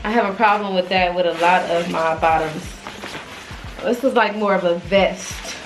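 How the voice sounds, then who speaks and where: A young woman chatting casually, expressive and exclaiming, talking straight to viewers. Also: lowish voice, moderate pace, music in the background, rough recording. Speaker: fashion vlogger. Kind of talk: casual try-on haul chat.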